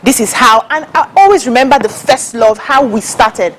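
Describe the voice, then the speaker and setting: A woman's voice: fairly high pitch, normal speed, slight background noise, rough recording. A Nigerian woman co-hosting a TV talk show, speaking playfully and openly in casual chat. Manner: expressive, playful confessional. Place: TV studio.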